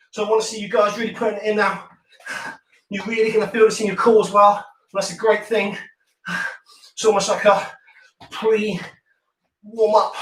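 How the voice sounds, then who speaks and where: A man from the UK leads a home workout, cheering people on and cracking jokes between countdowns. His voice sits high for a man. The sound is echoey, as if picked up from across the room. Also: fairly bright tone. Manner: encouraging, jokey, counts down reps. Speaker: fitness instructor. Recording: roomy sound, mic at a distance.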